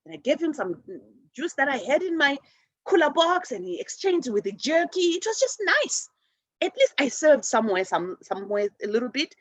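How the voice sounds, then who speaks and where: A woman hosting a spiritual show and leading a forgiveness practice, speaking earnestly, restarting and repeating words, and addressing souls with soft affirmations. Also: sits high, very animated, moderate pace, no room sound. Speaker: show host.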